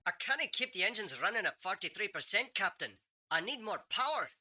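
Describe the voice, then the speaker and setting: Guy doing a terrible scottish engineer voice, strained, pleading, pitched way up, sharp. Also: big pitch swings, a little fast, exaggerated voice. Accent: put-on Scottish. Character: bad impression of a male starship engineer.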